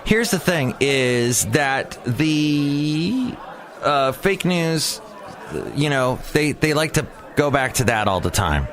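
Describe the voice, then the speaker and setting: Lively, rambling male podcast host. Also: mid-range voice, a little slow. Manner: rambling, animated, self-interrupting. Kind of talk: comedic monologue with character voices.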